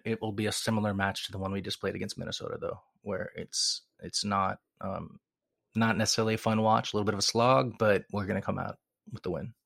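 Male co-host, meandering casual talker, lowish voice. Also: vocal fry, a bit bright, dry recording, clean studio sound. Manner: rambling, with frequent restarts and chuckles. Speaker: podcast co-host. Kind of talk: casual chat.

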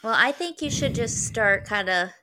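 A woman co-hosting a podcast in casual chat, quick to laugh and chiming in with short jokes and suggestions. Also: a little high, expressive, bright, forceful tone. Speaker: podcast co-host.

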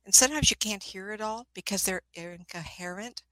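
A woman's voice: medium pitch, a little fast, pushed and bright, no echo, low-quality recording. An older woman, a spiritualist minister and ghost investigator, telling rambling anecdotes in a casual chat, often laughing and restarting her sentences.

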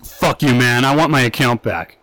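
A man's voice: medium pitch, normal speed, sharp tone, dry recording, poor audio. A young man co-hosting a comedy podcast, ranting and swearing freely. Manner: ranting, profane, riffing. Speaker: podcast co-host. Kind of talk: crude comedic chat.

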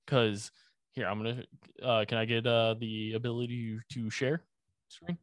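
Young guy, easygoing podcast rambler, laughs mid-sentence, mid-pitched, dry close mic. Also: normal speed, no room sound. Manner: rambling, laughs while explaining, swears casually. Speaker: presenter of a conspiracy topic. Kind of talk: casual podcast chat.

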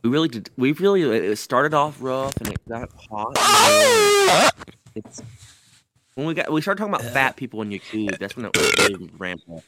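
Male podcast co-host, loose rambling chat, very animated pitch, noticeable background noise. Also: brisk. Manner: loose, rambling, laughs between lines. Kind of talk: casual chat.

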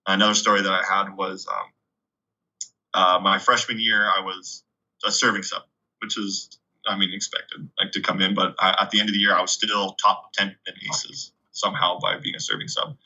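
A young man from Canada, a guest telling stories in a casual, chatty way, full of 'like' and animated retellings. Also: sits low, normal speed. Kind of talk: casual storytelling. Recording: dull lo-fi recording.

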